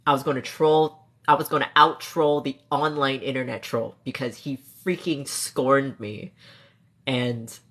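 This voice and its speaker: A man's voice: mid-range voice, steady tone, measured pace. A young man streaming live, emotional and close to tears, talking to his chat with laughs and restarts. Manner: emotional, tearful, laughing between words; reads chat comments aloud softly.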